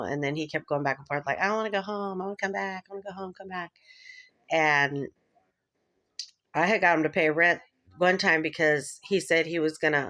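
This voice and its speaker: A woman vlogger rambling casually, full of fillers and quick laughs. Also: low-pitched, a bit bright, no room sound. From Philippines heritage. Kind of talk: casual chat.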